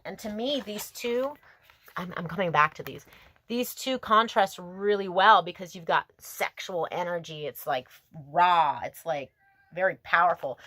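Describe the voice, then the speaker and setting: A woman giving a tarot reading to her viewers, talking in a gentle, emotive, spiritual way that wanders from thought to thought. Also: fairly low pitch, dry recording. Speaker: tarot reader.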